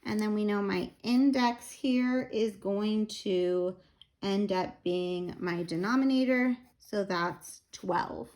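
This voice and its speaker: Slow-talking woman teaching math. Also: mid-range voice, darkish tone. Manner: slow, step-by-step explaining with fillers. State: tired, out of breath. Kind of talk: recorded math lesson.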